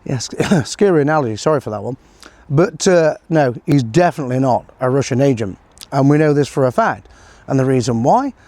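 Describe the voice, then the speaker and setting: A man's voice: medium pitch, lively intonation, fairly quick, a little mellow, dry recording. A middle-aged man giving a sarcastic, rambling political commentary, full of fillers and chuckles. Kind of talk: casual solo commentary.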